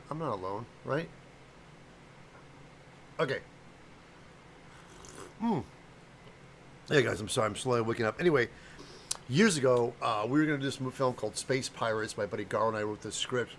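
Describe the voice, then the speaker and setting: A man's voice: medium pitch, expressive, moderate pace, long pauses, a little hiss or hum. A middle-aged man from the American Midwest chatting loosely with viewers on a livestream, rambling and stumbling over names. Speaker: livestream host and prop maker. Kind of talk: casual livestream chat.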